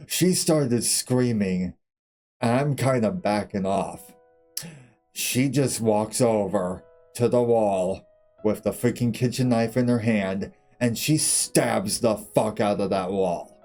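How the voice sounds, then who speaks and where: Slow-talking man with a mellow voice. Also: lowish voice, faint music behind. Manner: candid, profane, laughing through his stories. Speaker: streamer. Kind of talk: casual storytelling between game segments.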